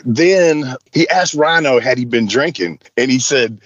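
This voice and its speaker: Husky man telling a story, laughing. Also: mid-range voice, a little slow, hardly any pauses, lo-fi sound. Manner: profane and laughing through a story. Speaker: podcast host. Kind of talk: casual storytelling.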